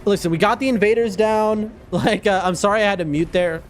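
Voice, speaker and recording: A man with a high-sitting voice talks briskly over slight background noise. He's a game streamer chatting casually, rambling through a story and reacting to his gameplay with frequent laughs and restarts.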